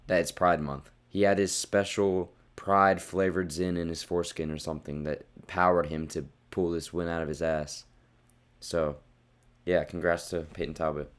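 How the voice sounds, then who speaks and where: A young man with a low voice tears through a casual fight recap, blunt and profane. He gets heated and loud at times, and his voice sounds a bit worn from shouting. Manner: blunt, profane, worked-up rants. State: losing his voice. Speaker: fight reviewer.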